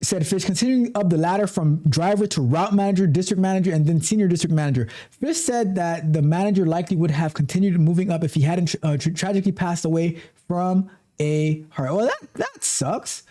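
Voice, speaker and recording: A man with a mellow, warm voice hosts a livestream, reading an article aloud. He stumbles and restarts often and keeps breaking off into animated, chatty asides. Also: high voice, a little fast. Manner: animated asides, frequent restarts and repeated words. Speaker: livestream host.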